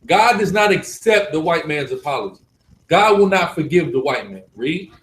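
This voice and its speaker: A man leading a live religious class, preaching forcefully and repeating points for emphasis. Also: on the high side, animated, moderate pace, roomy sound, rough recording.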